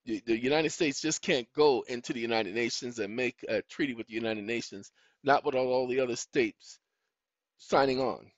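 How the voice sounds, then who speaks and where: Here a man of medium pitch talks at a normal speed as host of his own online show. While he searches on a computer, he chats casually, scolds it aloud, and spells words out letter by letter. The sound is dull, lo-fi, and dry.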